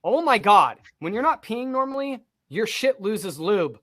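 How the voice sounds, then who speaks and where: Man with a slightly high voice telling a story. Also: unhurried. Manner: profane, vivid, animated storytelling. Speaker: podcast co-host. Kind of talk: casual storytelling on a podcast.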